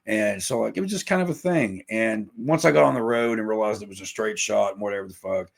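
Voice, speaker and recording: A man's voice: lowish voice, brisk, gravelly. A man, chatting on a podcast in a rambling, profane and self-mocking way. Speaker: podcast guest, musician. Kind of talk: casual podcast chat.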